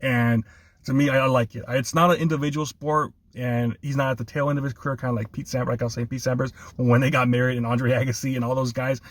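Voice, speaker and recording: A man's voice: medium pitch, level tone, fast talker, dry recording. A man hosting a casual sports chat, laughing often and talking with enthusiasm. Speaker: sports podcast host.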